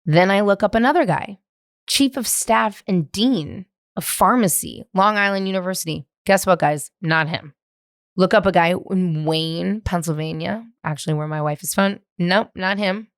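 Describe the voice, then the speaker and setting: A woman in her thirties from San Francisco, hosting her podcast and telling a story in a candid, animated, profane way. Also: fairly low pitch, moderate pace, no room sound, studio quality. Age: 30s. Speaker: podcast host. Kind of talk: casual storytelling monologue.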